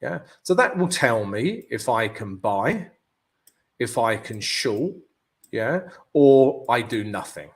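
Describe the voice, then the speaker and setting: A man's voice: medium pitch, lively intonation, takes it slowly. A man hosting a live trading stream, walking through charts and often checking in with "yeah?" and "guys". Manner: peppers talk with "yeah" and "guys" tag questions; thinks aloud, restarts phrases. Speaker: forex trading channel host.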